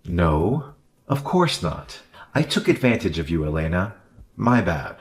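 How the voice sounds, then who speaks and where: A man voicing a selfish, condescending husband who blames his wife, in an animated drama. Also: deep voice, unhurried. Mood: backpedaling. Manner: condescending, dismissive, then backpedaling. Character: selfish arrogant husband who loves fishing. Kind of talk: animated story voice acting.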